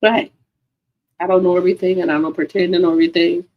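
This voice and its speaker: A woman's voice: fairly low pitch, flat delivery, fast talker, dull audio. A woman hosting a casual gossip livestream, chatty and profane, talking to her viewers as girlfriends. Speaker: livestream host.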